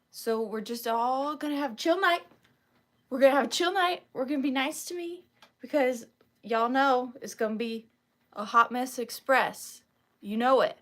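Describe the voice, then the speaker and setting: A woman's voice: a little high, fairly bright tone. Playful woman hosting a live sale. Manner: playful, greets viewers by name, giggly. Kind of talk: casual live-stream chat. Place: home, evening live stream.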